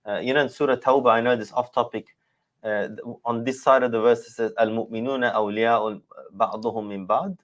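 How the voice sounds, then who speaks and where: Man with mid pitch, keen and eager. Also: steady tone, a little fast, fairly bright tone. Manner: eager, speaks in repeated starts. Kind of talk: discussion.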